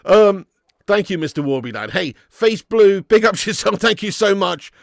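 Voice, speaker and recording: A man's voice: sits high, lively intonation, normal speed, creaky, dry recording, studio quality. A man hosting a live football watch-along stream, bantering and laughing as he reads out viewer messages.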